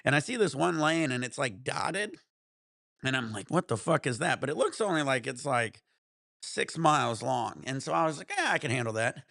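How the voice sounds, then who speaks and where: A man telling stories on his livestream in a casual, profane, animated rant. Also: medium pitch, creaky, no room sound, studio quality. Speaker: livestream host. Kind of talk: casual storytelling to stream chat.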